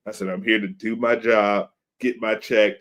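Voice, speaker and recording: A man hosting a podcast, telling a story in a casual, animated way and acting out the other people's voices. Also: lowish voice, moderate pace. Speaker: podcast host.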